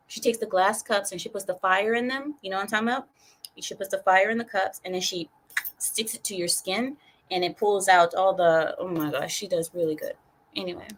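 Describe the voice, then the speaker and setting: A woman's voice: mid-range voice, a bit bright. A woman hosting a casual livestream, reading chat comments aloud in a chatty, rambling way and laughing often.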